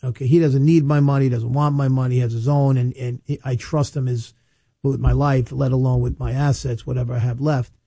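Deep-toned, dry-voiced New lawyer. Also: male voice, level tone, dark tone, slightly rough, no echo. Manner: chatty, storytelling with quick asides and repetitions; emphatic, slows down to stress points. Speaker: estate planning attorney. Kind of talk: casual advice monologue to camera.

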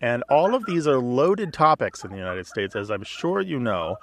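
A man hosting a call-in radio show, explaining to a caller in a relaxed, chatty way with little asides. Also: mid-range voice, moderate pace, slight background noise. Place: radio studio.

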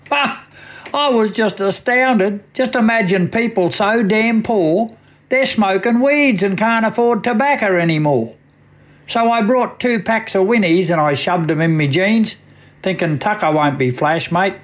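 A man's voice: high-pitched, moderate pace. Australian man reciting a comic bush poem. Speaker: radio poet.

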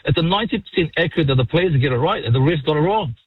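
A New man calling into a sports radio show, excitable, swearing freely and calling everyone mate. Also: fairly high pitch, very fast, slightly rough, no room sound. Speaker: caller. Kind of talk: radio call-in. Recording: muffled phone-in line.

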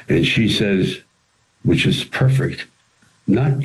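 A very low-pitched older man recounts stories as an interview guest. He talks with animation and acts out the quoted lines himself. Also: slow, pauses often, poor audio. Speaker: interview guest, actor and writer. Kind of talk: storytelling interview answers.

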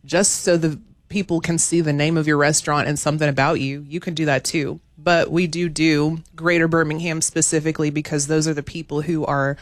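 A woman's voice: deep voice, little pitch movement, a little fast, few pauses, dry recording. A woman guest, explaining her event plainly in a radio interview. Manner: clear, explanatory, matter-of-fact. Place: radio studio.

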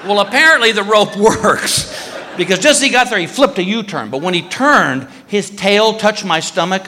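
A man doing stand-up storytelling, animated and shouting his punchlines as he acts out the people in his story. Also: high-pitched, moderate pace, long reverb tail, slight background noise. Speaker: stand-up comedian.

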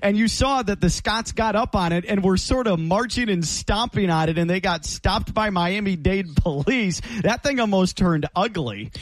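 A male sports talk co-host with a wry, teasing manner. His voice is high for a man and sounds close and dry. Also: moderate pace, few pauses, no echo, poor audio.

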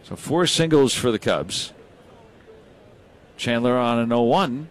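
A man calling baseball play by play, brisk and rising when big plays happen. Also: medium pitch, lively intonation. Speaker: play-by-play announcer.

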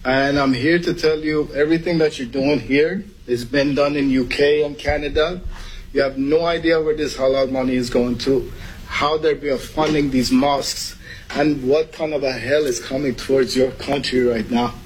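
A man's voice: medium pitch, steady tone, normal speed, a little hiss or hum, poor audio. A man from Iran giving an urgent, emotional public comment, close to tears. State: crying.

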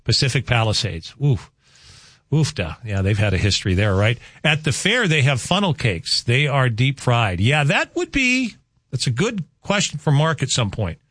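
A man's voice: medium pitch, big pitch swings, moderate pace, fairly bright tone, no echo, clean studio sound. A man hosting a morning radio show, talking in a rambling, chatty way and laughing easily. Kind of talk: casual radio chat. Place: radio studio.

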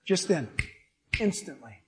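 Animated high-voiced male preacher. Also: a little slow. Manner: animated, acts out voices in his stories. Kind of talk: sermon with personal stories.

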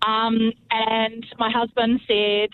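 A woman's voice: on the high side, flat delivery, takes it slowly, a little hiss or hum. A woman calling in to a radio show, telling a rambling story and laughing at her own bad luck. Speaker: caller. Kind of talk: phone-in story. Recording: tinny phone line.

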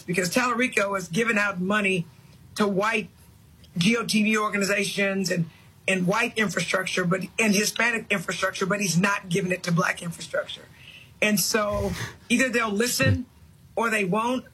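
High, bright, husky-voiced man. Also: fairly even intonation, moderate pace, poor audio. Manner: blunt and insistent. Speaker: political guest. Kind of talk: interview clip.

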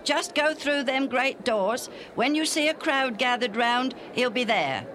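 Woman doing a loud, folksy male bystander. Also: sits high, expressive, measured pace, noisy background, voice pushed up. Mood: brusque. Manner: loud, blunt, colloquial. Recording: music playing underneath.

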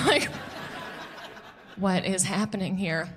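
A woman in her thirties performs stand-up on a club stage, talking to the crowd in a medium-pitched voice at a slightly slow pace. She's animated and laughs at her own jokes.

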